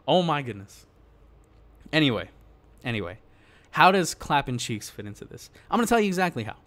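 A man delivering an exasperated gaming rant, his voice a little high for a man and swinging widely up and down as he gets heated. He talks casually and with plenty of slang, straight to his viewers. His frustration rises and falls but never leaves. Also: sing-song, brisk, a bit bright. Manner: worked-up, exasperated ranting; casual slangy address to the audience. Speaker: gaming YouTuber. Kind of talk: ranting gaming commentary.

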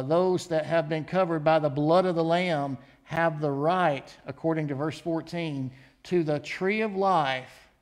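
A man's voice: a little high, a little mellow. A man preaching a sermon, checking in with his listeners through rhetorical questions and reading scripture aloud with rising emphasis. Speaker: pastor.

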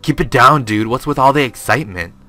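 A man's voice: mid-range voice, expressive, fairly quick, pushed and bright, faint music behind, pitched above the performer's own voice. A man voicing a laid-back young surfer dude with a stereotypical surfer drawl, loose and breezy. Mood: excited.

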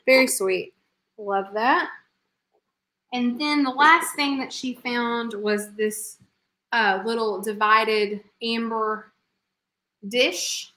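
A woman's voice: fairly high pitch, a bit bright, reverberant, slight background noise. A woman co-hosting a live vintage reselling stream, chatting casually as she shows thrift finds. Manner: chatty, showing items. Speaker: co-host of a live reselling show.

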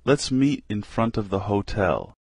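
Slow, husky man reading phrases. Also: on the low side, big pitch swings, darkish tone, dry recording, studio quality. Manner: reads short phrases one at a time with pauses. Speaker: language lesson reader.

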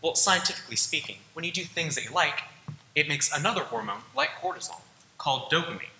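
A man's voice: on the high side, lively intonation, fast talker, pushed and bright, roomy sound, big-room sound, a little hiss or hum, rough recording. A teenage boy giving an earnest, casual school presentation and talking straight to his audience. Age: teens. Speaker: student presenter. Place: school auditorium.

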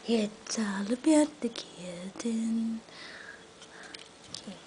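A woman filming her cat at home on a handheld camera, cooing baby talk and sometimes dropping into soft whispers. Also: mid-range voice, unhurried, slight background noise. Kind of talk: casual home video. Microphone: handheld camera she is filming with.

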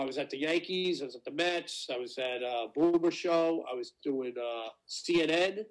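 A man chatting casually as a guest, halting and using fillers. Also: a little high, rough recording. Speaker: guest, sports broadcast worker. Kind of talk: casual chat.

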